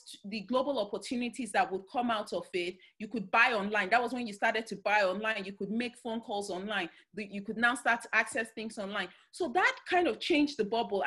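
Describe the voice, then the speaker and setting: Husky Nigerian woman giving a motivational talk. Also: a little high. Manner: animated storytelling, with frequent fillers and restarts. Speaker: guest speaker.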